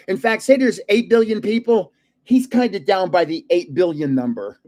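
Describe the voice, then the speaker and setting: An older man chats about his past in a loose, rambling way, chuckling between stories. His voice sits a little high for a man. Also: a little slow, a little mellow. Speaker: card channel host. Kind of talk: casual storytelling chat.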